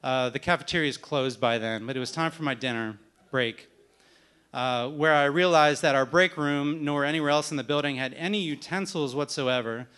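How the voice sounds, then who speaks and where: A man's voice: fairly high pitch, normal speed, fairly bright tone, clear, resonant tone. A man telling a wry, self-deprecating story at a live story event.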